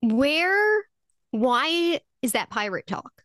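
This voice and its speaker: A woman's voice: sits high, sing-song, slow pace, a bit bright, no room sound, clean studio sound. A woman co-hosting a podcast in casual chat, curious and musing aloud with questions. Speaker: podcast co-host.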